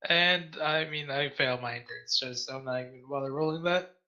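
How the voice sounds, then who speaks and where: A man's voice: fairly high pitch, moderate pace, muffled recording. A man playing a tabletop game over voice chat, often apologizing for his mistakes. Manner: apologetic, self-deprecating, excitable. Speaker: player.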